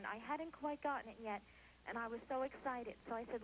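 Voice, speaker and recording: A woman from New Jersey rings in to a home shopping broadcast and raves in a chatty, gushing rush. Her voice sits slightly high, and a faint hiss runs under it. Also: fairly quick. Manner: gushing, chatty, laughs easily. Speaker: call-in viewer. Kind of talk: phone-in testimonial.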